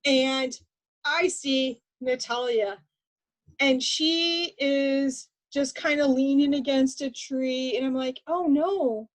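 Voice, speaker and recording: A woman co-hosting a casual chat, telling animated stories with frequent restarts and laughter. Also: high-pitched, slow, low-quality recording. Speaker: podcast co-host.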